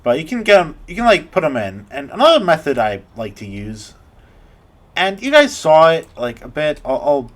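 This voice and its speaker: A man's voice: fairly high pitch, huge pitch swings, moderate pace. A man casually narrating a tutorial over his screen recording, rambling and hesitant with many restarts. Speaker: video creator explaining his process.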